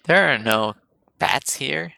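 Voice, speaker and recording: A man doing a sarcastic little adventurer, gravelly. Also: mid-range voice, lively intonation, slow pace, noisy background, heavily acted. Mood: teasing. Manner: teasing, sarcastic. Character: small sarcastic male adventurer.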